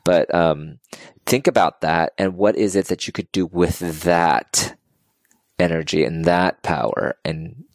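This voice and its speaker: Podcast guest: low-voiced man, dry close sound, earnest and teary storytelling. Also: unhurried, no echo. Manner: earnest, emotional, animated storytelling. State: tearing up. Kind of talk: casual interview chat.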